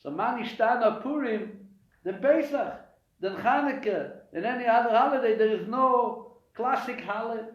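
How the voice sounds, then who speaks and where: Rabbi, echoey lecture. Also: male voice, extremely high pitch, moderate pace. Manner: animated, asks and answers his own questions; frequent hesitations and restarts. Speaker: rabbi teaching a weekly class. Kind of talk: live Torah class lecture. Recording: echoey room, dull lo-fi sound.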